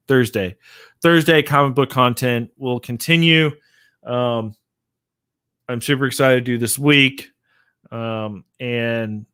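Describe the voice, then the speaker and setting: A man's voice: mid-range voice, a bit bright, clean tone, dry recording, clean studio sound. Laid-back man rambling on a live stream. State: sleepy, yawning. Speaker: comic book vlogger. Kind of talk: casual live-stream chat.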